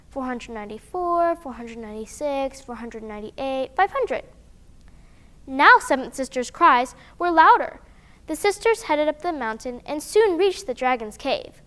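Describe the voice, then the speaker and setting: A woman reads a children's picture book aloud in a high, bouncing voice. She is animated and expressive, throwing in playful sound effects as the story moves.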